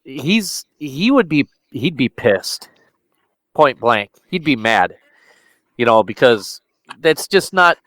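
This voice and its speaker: A man in a casual podcast chat, halting and searching for words, upset but still joking. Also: medium pitch, big pitch swings, a bit bright, dry recording.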